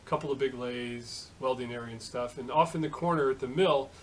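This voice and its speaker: A middle-aged man and home shop machinist telling a story in a casual vlog, halting, with many fillers and restarts. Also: medium pitch, slight background noise, poor audio.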